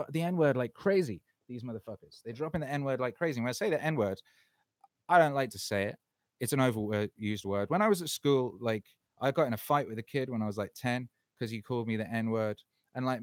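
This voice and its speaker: A man's voice: medium pitch, dry recording. A man hosting his own live stream, swearing a lot and swinging between heated ranting and cheerful chat with viewers.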